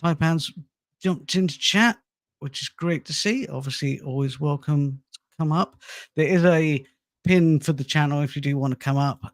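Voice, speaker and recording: Middle-aged male stream host, gravelly tone, chatty and self-deprecating. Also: on the high side, moderate pace, no room sound, clean studio sound. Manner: rambling, self-deprecating, laughs often. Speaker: host and channel producer. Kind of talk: casual live-stream chat.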